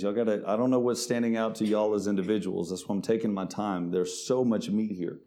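A man preaching a sermon, calling out to the congregation and reading scripture slowly with weight. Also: lowish voice, steady tone, warm tone. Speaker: pastor.

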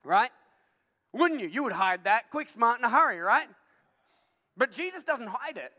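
A man preaching with a very high, bright voice, joking with the congregation and firing questions at them. His energetic sermon echoes with long reverb through a large church hall. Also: normal speed. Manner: humorous, energetic, quizzes the congregation. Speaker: pastor.

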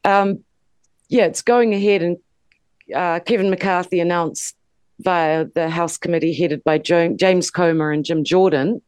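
A woman's voice: on the low side, unhurried, a little mellow, clear, resonant tone, no room sound. Forthright woman political panelist. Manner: forthright and opinionated, reading out details. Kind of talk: casual panel discussion.

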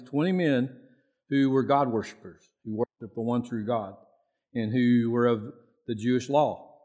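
A man's voice: medium pitch, darkish tone. A man preaching a sermon in a folksy, repetitive way, raising his voice to act out prayers. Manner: acts out prayers in a raised voice. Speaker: pastor.

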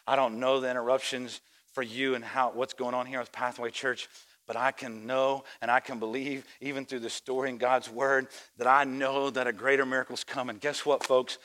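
A male pastor preaching a sermon. He acts out the voices of people in the story and swings between quiet reflection and loud, shouted exhortation. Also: medium pitch, level tone, moderate pace. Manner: acts out voices of story characters and church members.

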